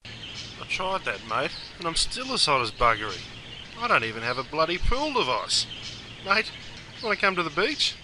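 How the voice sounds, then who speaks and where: A man's voice: fairly high pitch, big pitch swings, normal speed, noisy background. A man voicing a cheeky knockabout Australian bloke, talking in a broad, slangy Australian drawl with "mate" at every turn. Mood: larrikin banter. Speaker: slang explainer.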